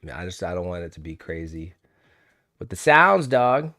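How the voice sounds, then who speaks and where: A young man hosting a livestream who talks in a relaxed, slangy way and laughs easily. His voice sits low, and the sound is close and dry with no room in it. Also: normal speed, no echo. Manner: laid-back and slangy, laughs often, calls viewers dude and homie. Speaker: trading livestream host. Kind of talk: casual livestream chat.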